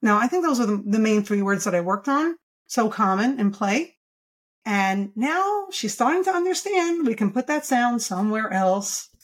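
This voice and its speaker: A woman's voice: fairly high pitch, sing-song, normal speed. A woman speech therapist as a podcast guest, talking enthusiastically and emphatically, posing rhetorical questions as she explains. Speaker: pediatric speech-language pathologist guest. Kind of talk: podcast interview.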